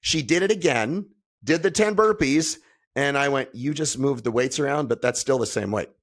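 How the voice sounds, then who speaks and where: A man talks as a podcast guest, swearing freely and getting animated as he tells a story. His delivery is blunt and emphatic, and his voice sits at an ordinary middle pitch. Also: normal speed. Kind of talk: casual conversation.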